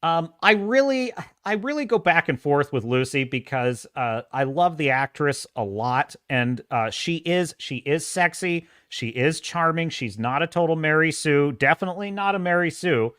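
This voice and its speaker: Male podcast host, lively and emphatic delivery, dry close sound. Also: a little high, normal speed, smooth, no room sound. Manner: animated and emphatic, with frequent restarts and profanity. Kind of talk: casual pop-culture commentary.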